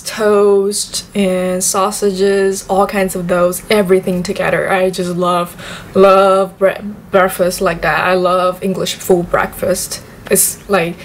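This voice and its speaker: A young woman from southern China chats in English with a Chinese accent, a native Chinese speaker in a casual vlog. She talks at a mid pitch, repeating words over and over for emphasis, with a faint hum of room ambience behind her. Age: young adult. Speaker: vlogger.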